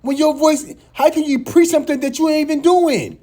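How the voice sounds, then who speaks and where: A man with a small, high voice hosting a reaction video, teasing and laughing as he comments. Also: brisk, mellow. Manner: high light voice.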